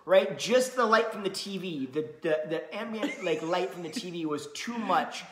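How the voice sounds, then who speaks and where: A man telling a story in casual chat, animated, laughing often and swearing. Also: high-pitched, moderate pace. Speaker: co-host. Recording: roomy echo.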